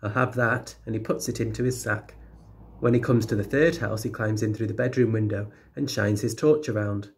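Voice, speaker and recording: A man's voice: lowish voice, fairly quick, darkish tone. Man reading a picture book aloud. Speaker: teacher.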